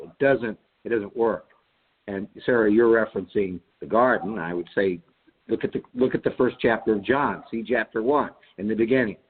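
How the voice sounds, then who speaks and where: A man with a slightly husky, lower voice reflects on a Bible passage during a call-in discussion. He thinks aloud and often circles back to restart a sentence. The sound is tinny, like a phone call. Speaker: panelist in a Bible study call-in.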